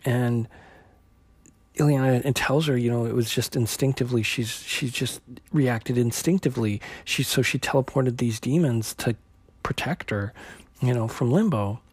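A man's voice: medium pitch, moderate pace, slightly rough, dry recording. A man hosting a podcast, recapping a comic book issue in a loose conversational way, with plenty of fillers and restarts. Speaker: podcast host.

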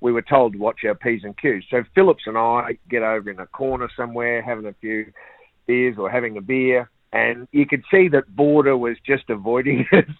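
A man's voice: medium pitch, moderate pace, dry recording. Older aussie guy telling cricket-tour yarns, laughs a lot, sounds like a phone call, dry. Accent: Australian. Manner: lively yarn-spinner, laughs at his own stories. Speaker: former cricketer guest. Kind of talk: anecdotal storytelling. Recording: tinny phone-like line, dry.

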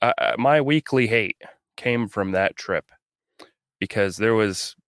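A man's voice: fairly low pitch, takes it slowly, a bit bright, dry recording, clean studio sound. A young man co-hosting a podcast, telling a rambling, profane story in casual chat. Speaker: podcast co-host.

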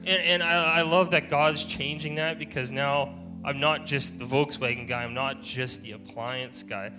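A man's voice: medium pitch, fairly even intonation, normal speed. A man giving an informal testimony-style sermon at church, telling stories in a chatty way and laughing often. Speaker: church speaker. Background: soft guitar music.

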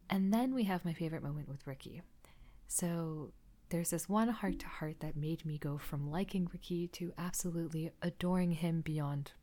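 A woman's voice: low voice, dark tone. A woman hosting a casual solo podcast, rambling with enthusiasm and often dropping to a near-whisper. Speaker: podcast host.

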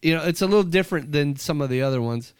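A man's voice: on the high side, animated, racing, clear, resonant tone, dry recording, studio quality. A man co-hosting a podcast, casual chat, teasing and laughing often. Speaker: podcast co-host.

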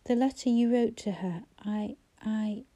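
A woman reading the lines of a grieving young man who speaks with flat, withdrawn detachment. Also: a little high, measured pace, natural voice. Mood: shaken.

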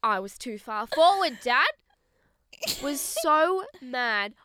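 A woman in her twenties co-hosting a podcast, telling stories in a casual, animated way. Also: high voice, slow, clean tone, no echo, studio quality. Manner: animated storytelling with quoted voices. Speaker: podcast co-host. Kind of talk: casual chat.

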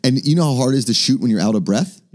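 A man co-hosting a comedy podcast, spinning anecdotes in easy, casual banter. He laughs easily as he talks. His pitch sits in a plain middle range. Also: animated, rapid-fire, darkish tone. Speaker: podcast co-host.

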